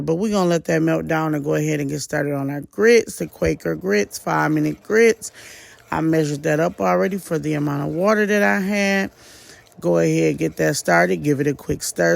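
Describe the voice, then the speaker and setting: A woman's voice: deep voice, creaky, darkish tone, dry recording, clean studio sound. A woman narrating her cooking in a casual, chatty way, speaking straight to her viewers with loose, informal talk and the odd curse word. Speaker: home cook vlogger. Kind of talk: casual cook-along narration.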